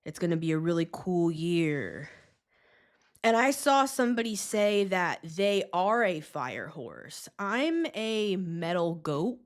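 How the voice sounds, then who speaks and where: Low-voiced, unhurried woman reading tarot. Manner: chatty and excitable, slangy, laughs often. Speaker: tarot reader and show host. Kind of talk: casual tarot reading to camera.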